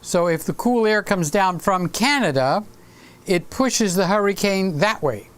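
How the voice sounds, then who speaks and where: A man's voice: sits high, expressive, a little slow, clean tone. A man in his late sixties hosting a casual live stream, rambling and stopping to greet viewers by name. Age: 60s.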